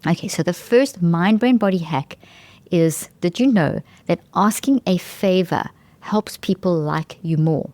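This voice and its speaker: A woman's voice: lowish voice, unhurried, warm tone, no room sound. A woman hosting a talk show, explaining brain science in an enthusiastic, emphatic way and often restarting phrases mid-sentence. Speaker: podcast host.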